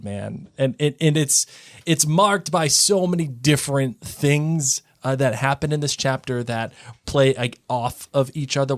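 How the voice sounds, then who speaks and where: Excited guy cohost rambling on, restarts a lot, dry close mic. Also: medium pitch, no room sound. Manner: enthusiastic, rambling with many restarts and fillers. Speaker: podcast co-host. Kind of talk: casual chat.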